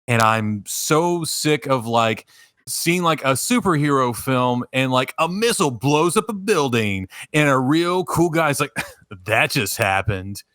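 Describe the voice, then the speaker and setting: A man's voice: a little high, animated, a little slow, fairly bright tone, clean tone, no room sound, studio quality. A man co-hosting a podcast over a remote call, ranting with strong opinions in casual chat. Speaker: podcast co-host.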